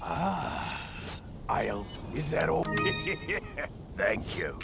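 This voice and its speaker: An actor voicing a sly hooded male merchant in a video game, with a gravelly, drawling voice. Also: on the high side, very animated, very slow, full character voice. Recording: game audio with loud music.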